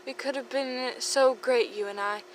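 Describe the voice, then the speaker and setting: A woman's voice: high-pitched, fairly even intonation, a little slow, slight background noise, voice pushed up. A woman voicing a lovelorn young man who sounds wistful and regretful.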